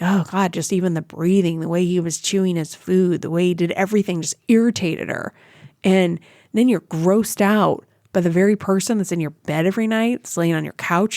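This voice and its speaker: A woman's voice: medium pitch, no room sound, clean studio sound. A woman hosting a podcast, talking casually and giving relationship advice, often acting out what other people say. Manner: chatty, animated, acts out quoted voices. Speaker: podcast host.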